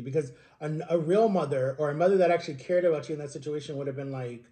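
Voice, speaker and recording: A man's voice: on the high side, fast, dark tone. Earnest, emotional man telling his story. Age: 30s. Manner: earnest, rambling, often asks "right?". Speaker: vlogger. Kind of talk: personal storytelling to camera.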